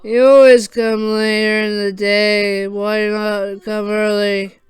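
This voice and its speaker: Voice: medium pitch, level tone, takes it slowly, clear, resonant tone, no room sound, natural voice. A reader voicing a casual male tavern regular who shrugs things off in a fan audio story. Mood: offhand. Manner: offhand.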